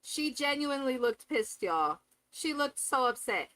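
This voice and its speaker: High bright-voiced lady doing a live reality tv recap, blunt and cussing. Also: lively intonation, measured pace, no room sound, low-quality recording. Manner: candid, profane, dramatic quoting of cast members. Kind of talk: live casual review commentary.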